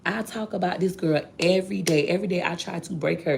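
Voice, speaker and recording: Woman, vlogger, low voice, gravelly, candid casual storytelling, faint hiss. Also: fast, hardly any pauses. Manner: candid, chatty, addresses viewers directly.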